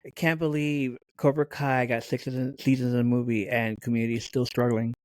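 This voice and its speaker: A man co-hosting a casual podcast chat tells stories animatedly, acting out his friends' quoted lines and swearing some. His voice is medium in pitch and brisk, with no echo.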